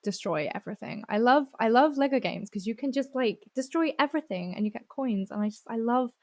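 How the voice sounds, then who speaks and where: A woman's voice: on the high side, expressive, fairly quick, a little mellow, dry recording. Exasperated, cursing woman podcast co-host. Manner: swears freely, rants with exasperation. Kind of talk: casual chat.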